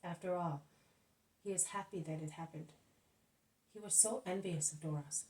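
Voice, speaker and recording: A woman narrating a religious book as an audiobook, in a steady, plain reading manner. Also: lowish voice, normal speed. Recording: echoey room, voice off-mic.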